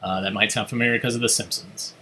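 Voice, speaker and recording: A man's voice: lowish voice, steady tone, fast, bright, forceful tone. A man hosting a film club, chatting casually about a film with many restarts. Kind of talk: casual commentary.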